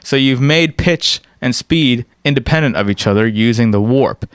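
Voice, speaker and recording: A man's voice: medium pitch, moderate pace, clean tone, dry recording, clean studio sound. A man giving a casual screen-recorded music production tutorial. He explains step by step and often checks in with "right?".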